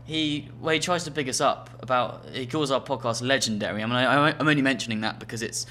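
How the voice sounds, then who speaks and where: A man chats on a comedy podcast, poking dry fun at a listener's email. His voice sounds bright and clear, with a faint hum underneath. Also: medium pitch, quick pace. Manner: dry, wry, reads listener emails aloud. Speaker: podcast co-host. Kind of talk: casual comedic chat.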